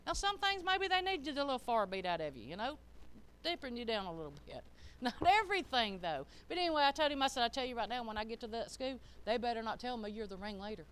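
An older woman preaches in a folksy, emphatic way, dropping to a hush and then rising loud again. Her voice sits fairly high and rings bright and smooth. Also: very animated, fast talker. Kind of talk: sermon.

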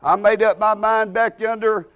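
A man preaching a sermon and telling a testimony, building up to emphatic, shouted lines. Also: sits high, fairly even intonation, normal speed, clear, resonant tone.

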